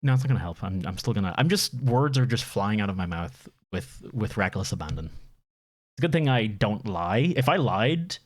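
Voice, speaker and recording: A man's voice: lowish voice, very animated, moderate pace, dry recording, studio quality. A young man with an Irish accent chatting casually on a stream, rambling and laughing at himself. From Ireland. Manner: rambling, self-deprecating, laughs often. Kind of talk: casual chat reviewing community submissions.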